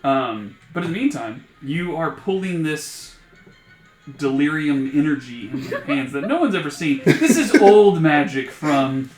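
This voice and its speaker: A man's voice: fairly high pitch, very animated, a little slow. A man acting as game master, casually explaining rules and scenes with many fillers. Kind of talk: running a tabletop game. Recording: echoey room with loud music.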